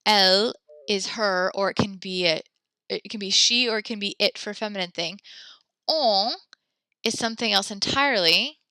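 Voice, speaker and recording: A woman's voice: mid-range voice, moderate pace, pushed and bright, clean tone. A woman teaching a French class from home, upbeat and chatty as she spells out verb endings letter by letter for her students. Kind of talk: online class lesson.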